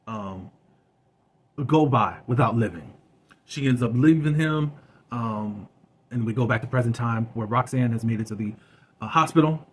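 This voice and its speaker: A man's voice: mid-range voice, a little hiss or hum. A man hosting a web series review channel, chatting casually about an episode with plenty of fillers. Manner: chatty and conversational, with many fillers.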